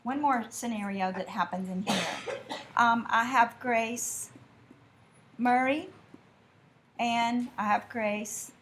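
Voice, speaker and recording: A woman teaches a class in a slightly high voice. She talks in a chatty way and acts out little exchanges to make her point. Faint classroom ambience sits behind her. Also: fairly even intonation, fairly bright tone, slight background noise. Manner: chatty, with drawn-out asides and mimicked dialogue. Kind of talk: classroom lesson.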